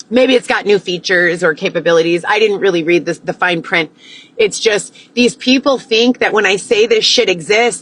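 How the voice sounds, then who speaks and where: A woman's voice: medium pitch, a bit bright, low-quality recording. A woman on a phone livestream, ranting to viewers in an agitated way, swearing often and firing off rhetorical questions. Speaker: livestream host. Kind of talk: unscripted rant to viewers.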